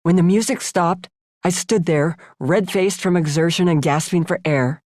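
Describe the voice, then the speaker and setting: A woman's voice: lowish voice, moderate pace, a little mellow, no echo, studio quality. A woman in her seventies from the United States, narrating her memoir audiobook in a wry, conversational way. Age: 70s. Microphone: close studio mic.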